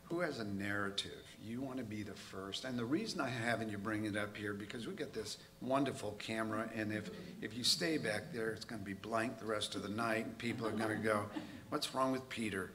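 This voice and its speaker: A man preaching in a church, his low voice carrying a bright, forceful edge. He tells a personal story candidly, poking fun at himself as he goes. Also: brisk, hardly any pauses. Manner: candid, self-mocking storytelling.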